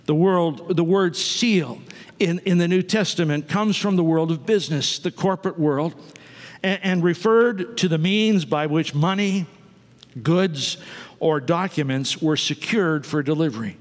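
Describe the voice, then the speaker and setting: A pastor with a slightly high, unhurried voice preaches to his congregation in a church sanctuary. His sermon is conversational, with asides to the people in the pews. The recording carries the sanctuary's long reverb.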